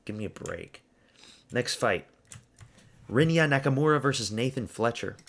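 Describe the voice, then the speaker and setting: A man's voice: mid-range voice, animated, normal speed, vocal fry, a bit bright. A man hosting his own channel, talking through casual fight predictions in a blunt, rambling way, thinking aloud as he goes. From United States. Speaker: host.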